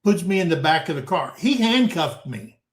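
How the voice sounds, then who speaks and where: A man's voice: a little high, big pitch swings, moderate pace. A man in his sixties telling a story from his youth as host of a casual panel chat over a video call, in a folksy way that keeps calling his listeners guys. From United States. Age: 60s. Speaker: talk show host. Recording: roomy echoing room.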